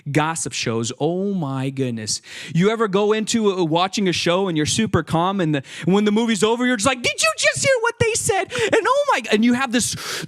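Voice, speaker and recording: A young man giving a lively, casual sermon, acting out voices and joking with the listeners. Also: fairly high pitch. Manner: animated, acts out quoted voices, jokes with listeners. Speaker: youth speaker.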